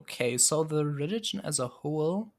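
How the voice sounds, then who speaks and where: A man's voice: fairly high pitch, animated, moderate pace. A man streaming live, casually musing and hesitating as he sets up a strategy game, chuckling often. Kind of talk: casual live gameplay commentary.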